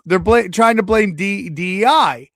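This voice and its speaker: A man's voice: high-pitched, measured pace, no echo, studio quality. A man hosting a podcast, telling a rambling, profane story in casual chat and acting out other people's lines. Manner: animated, acts out quotes in changing voices. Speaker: podcast host.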